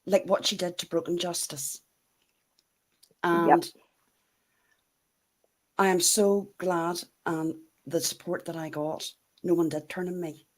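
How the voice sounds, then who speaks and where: Brief: mid-pitched speaker, earnest, quick reactions, casual chat. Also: flat delivery. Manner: reacts with short interjections, earnest thanks.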